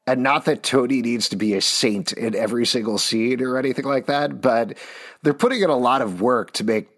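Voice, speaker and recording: A man co-hosting a podcast, giving an animated, opinionated recap of a TV episode with sarcastic asides. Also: medium pitch, a little fast. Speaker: podcast co-host. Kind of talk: casual TV recap chat.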